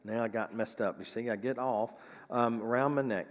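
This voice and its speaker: A man's voice: medium pitch, fairly even intonation, normal speed, hardly any pauses, in a large hall. A man presenting local history, reading an old newspaper account aloud with chatty asides, in a church sanctuary.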